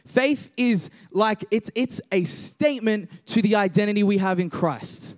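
Casting: young male preacher, high voice, chatty then emphatic, church congregation. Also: darkish tone. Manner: conversational, jokes with congregation, builds to emphatic slow declarations. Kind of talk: casual sermon with scripture reading.

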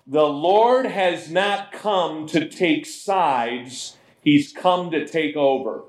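A man preaching a sermon as pastor, in a conversational, animated way, often slipping into voices. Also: on the high side, extremely slow. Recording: roomy echo.

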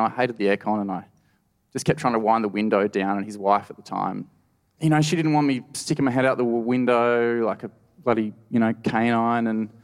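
An Australian man telling a true story on stage at a live storytelling event, wry and conversational with lots of "you know". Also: on the low side. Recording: reverberant live hall.

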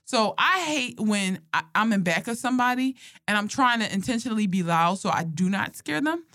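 A woman's voice: mid-range voice, moderate pace, no room sound. A young woman telling funny personal stories in casual chat, laughing often and swearing freely. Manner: animated, laughing, profane storytelling.

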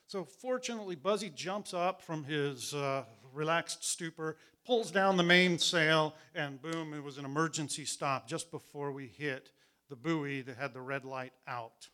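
A middle-aged man tells a personal story in a loose, chatty way. His voice is bright and sits a little high, and he laughs now and then. He slips into the voices of the people in it as he goes. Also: measured pace.

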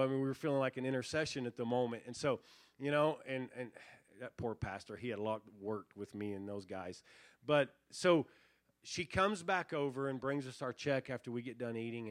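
A man in his thirties preaching a sermon, telling a story with lively acted-out quotes. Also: medium pitch, dry recording. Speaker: pastor.

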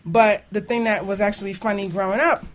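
A woman's voice: medium pitch, fairly even intonation, brisk. A woman hosting her own radio talk show, chatting casually and animatedly, laughing often between points.

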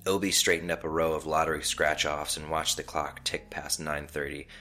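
Storyteller, male, very deep voice, calm measured narration, faint music bed.

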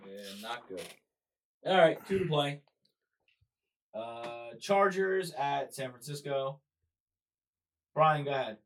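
A man running a game segment in a casual sports betting chat, calling each matchup out loud and slow. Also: mid-range voice, lively intonation, a little hiss or hum, low-quality recording. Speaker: podcast co-host.

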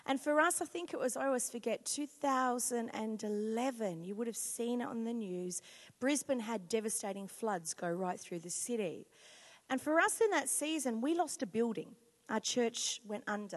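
Woman pastor, 40s, high bright voice, lively sermon, long hall reverb. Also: measured pace. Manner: lively, emphatic preaching to a congregation.

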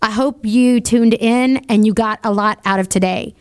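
A woman's voice: a little high, steady tone, normal speed, clean tone. A woman in her forties hosting a motivational radio talk show, upbeat and chatty, laughing often. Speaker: radio show host and salon owner. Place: radio studio.

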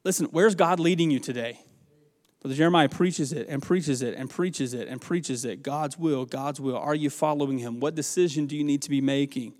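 A man's voice: mid-range voice, moderate pace, a little mellow, in a large hall. A man from the American South, preaching a farewell sermon in a church with an earnest, rambling, folksy storytelling manner. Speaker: pastor. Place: church sanctuary.

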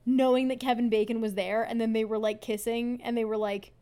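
A woman's voice: a little high, little pitch movement, fairly quick, warm tone, clean tone. A woman co-hosting a casual movie recap podcast, wry and jokey, riffing on the characters' lines. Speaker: podcast co-host.

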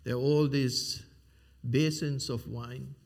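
A man's voice: medium pitch, fairly even intonation, slow pace, vocal fry, darkish tone. A man preaching a sermon, retelling a Bible story with rhetorical questions and frequent fillers.

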